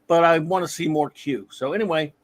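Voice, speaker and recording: A man's voice: fairly high pitch, fairly quick. Rambling middle-aged man reviewing episodes. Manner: rambling, self-correcting, chuckles often. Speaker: podcast host. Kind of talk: casual review chat.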